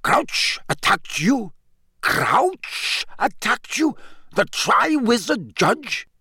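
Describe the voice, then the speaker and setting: A high, demanding headmaster cries out in alarm, as a man reads him. His questions come slow, loud and insistent, in a dry close sound. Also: sing-song, breathy edge, no room sound, full character voice. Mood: agitated. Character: agitated middle-aged male headmaster, demanding.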